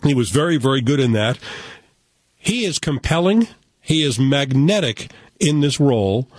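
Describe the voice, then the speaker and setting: American male film critic, animated and opinionated, casual chat, dry close mic. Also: mid-range voice, normal speed, dry recording. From United States.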